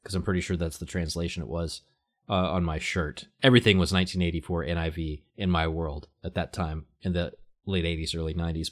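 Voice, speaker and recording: A man hosting a conversation about faith, chatty and animated, reading a verse aloud and then posing a question to his guest. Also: sits low. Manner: animated, chatty, rises when quoting. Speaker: host. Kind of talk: casual theological conversation.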